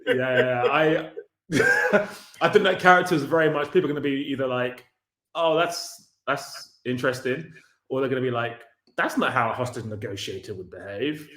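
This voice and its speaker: A man's voice: medium pitch, moderate pace, sharp tone. A man, a film writer and director, chatting as a guest in an interview, laughing often and acting out his characters' lines. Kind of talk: casual interview chat. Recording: roomy echo.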